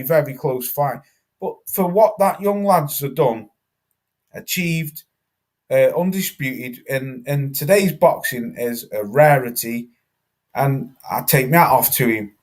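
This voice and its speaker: A man hosting a live boxing talk stream, emphatic and swearing, repeating words for stress. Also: on the high side. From Britain. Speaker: host.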